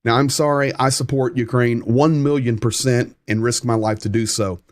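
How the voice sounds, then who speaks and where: A man with a Southern American accent hosting a live-stream news update, talking conversationally, reading viewer comments and often pausing with "um.". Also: medium pitch, steady tone, dry recording, studio quality. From United States.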